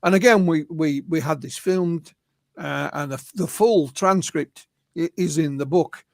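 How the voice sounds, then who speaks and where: As a guest in an interview, this English UFO researcher tells witnesses' stories in a chatty way, voicing their words himself and often filling and restarting. He speaks on the high side at a measured pace, with vocal fry. The recording is dry and studio quality.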